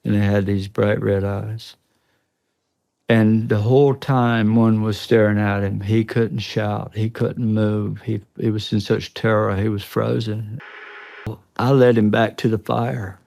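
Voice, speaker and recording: A podcast interview guest with a low, gravelly voice and a darkish tone recounts a personal experience through a studio podcast mic with no room sound. His delivery is flat and measured, yet earnest and tense, and he breaks off and restarts as he tells his story.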